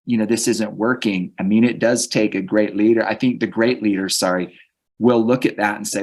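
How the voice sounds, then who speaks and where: A man's voice: on the low side, steady tone, moderate pace. A man speaking as a guest on a leadership podcast, earnest and reflective, often restarting his sentences. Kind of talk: conversational interview.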